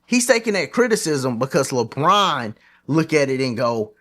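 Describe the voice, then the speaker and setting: A man hosting his own sports commentary channel, giving his opinions in animated, slangy, casual talk. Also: mid-range voice, moderate pace.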